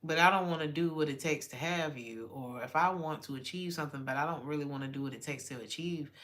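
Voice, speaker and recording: A woman's voice: low voice, fast talker, a bit bright. A woman giving a casual tarot reading, blunt and loose-tongued, swearing freely and laughing often. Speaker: tarot reader.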